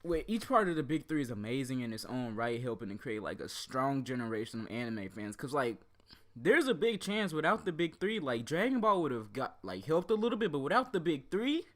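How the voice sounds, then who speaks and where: Raspy young man with lively slangy talk. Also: medium pitch, a little fast. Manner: slangy, rambling, full of "like" and "bro". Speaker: anime YouTuber. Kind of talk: casual vlog commentary.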